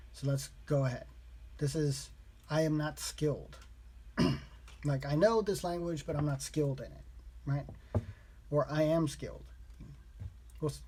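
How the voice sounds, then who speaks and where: A man vlogging his language study, slowly repeating practice phrases aloud in a casual way. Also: on the high side, mellow, a little hiss or hum. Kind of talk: casual self-taught lesson vlog.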